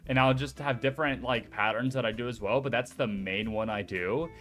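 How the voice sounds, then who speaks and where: A young man chats casually and excitably as a streamer, with a mid-range pitch. He swears freely and talks in bursts. Faint music plays behind him. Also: a little fast. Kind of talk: casual chat.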